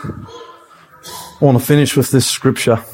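A man's voice: mid-range voice, fairly even intonation, slow, a little mellow. A man preaching an evangelistic sermon, impassioned and pleading, driving his points home with emphatic repetition.

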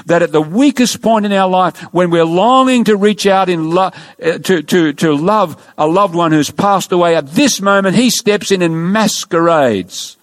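A man preaching a sermon, telling stories with earnest emphasis and dramatic pauses. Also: fairly high pitch. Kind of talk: sermon storytelling.

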